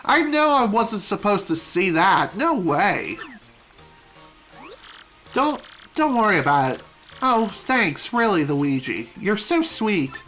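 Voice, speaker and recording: A woman's voice: medium pitch, very animated, slow, fairly bright tone, faint music behind. A woman voicing a giddy young female fan who gushes and squeals, reading game dialogue aloud. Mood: gushing. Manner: squealing, breathless gushing.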